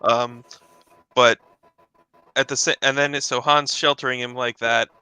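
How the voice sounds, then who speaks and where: A man's voice: mid-range voice, fairly even intonation, measured pace, sharp tone, clear, resonant tone, no echo, rough recording. A man in casual chat about fiction, rambling and swearing often.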